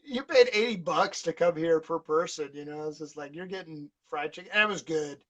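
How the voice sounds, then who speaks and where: A man with a fairly high voice chats as a podcast guest, wandering through his stories with lots of uh's and restarts. He gets animated and laughs as he tells them. The recording sounds dull and lo-fi. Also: a little fast, crowd noise. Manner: rambling, many fillers and restarts. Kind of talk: casual conversation.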